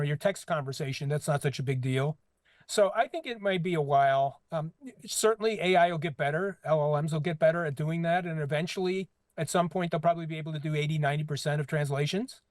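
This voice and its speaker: Measured man with a slightly higher voice. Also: no echo. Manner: measured and analytical, with light hesitations. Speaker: guest co-host. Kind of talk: casual tech news chat.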